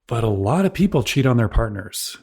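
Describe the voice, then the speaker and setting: A man co-hosting a podcast and working as a relationship coach, speaking in a measured, thoughtful way. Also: medium pitch, very animated, creaky, a little mellow, breathy edge. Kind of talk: reflective casual discussion.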